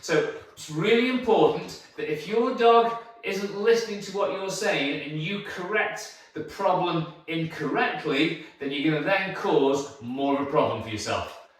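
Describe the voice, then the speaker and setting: Man, dog trainer, emphatic and repetitive, lively swooping voice, high pitch, echoey far-off sound. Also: measured pace. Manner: emphatic, repetitive, coaxing sing-song praise to the dog. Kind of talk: instructional talk to camera. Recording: very echoey, distant from the mic.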